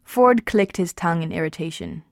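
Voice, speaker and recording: A woman's voice: on the low side, moderate pace, vocal fry, dry recording. Woman reading a novel aloud, dry sound. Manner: steady, with small slips and restarts. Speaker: reader.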